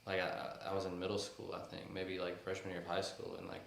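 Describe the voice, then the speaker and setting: Deep-voiced young man hosting, joking. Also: completely flat delivery, brisk, gravelly, fairly bright tone. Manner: joking, teasing, laughs easily. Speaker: podcast host. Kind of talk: casual chat. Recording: echoey room, faint background noise.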